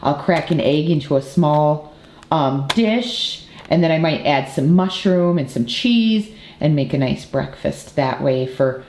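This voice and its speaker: Low-voiced chatty mom vlogging at home. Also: female voice, expressive, measured pace, darkish tone, a little hiss or hum. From United States. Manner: rambling and chatty, with many fillers and self-corrections. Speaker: family vlogger and homeschooling mother. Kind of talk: casual chat to camera.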